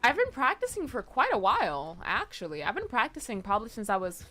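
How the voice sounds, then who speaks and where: A woman's voice: on the high side, huge pitch swings, fairly quick, hardly any pauses, bright, forceful tone, faint music behind. A young woman streaming live, chatting casually with her viewers and reading chat aloud, swearing now and then.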